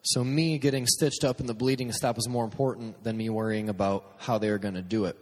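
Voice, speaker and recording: A man's voice: lowish voice, fairly even intonation, fast talker, long reverb tail. A man hosting a podcast, giving a message through humorous, self-deprecating personal stories and acting out what people said. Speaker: youth speaker and podcast host. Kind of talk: storytelling sermon.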